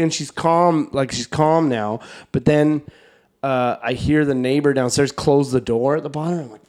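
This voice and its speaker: Man, podcast co-host, rambling casual story, lots of "like" and "uh", slightly high voice. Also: a little fast. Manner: animated, rambling anecdote with lots of fillers and laughter.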